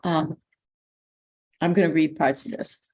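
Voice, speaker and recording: An older woman, a spiritual teacher, telling a story in a lively way with frequent ums and restarts. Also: low voice, unhurried. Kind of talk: storytelling talk.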